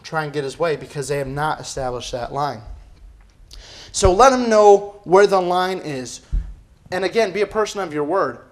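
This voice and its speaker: A man's voice: a little high, animated, moderate pace. A man preaching a sermon as pastor, emphatic and firing off rhetorical questions. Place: church.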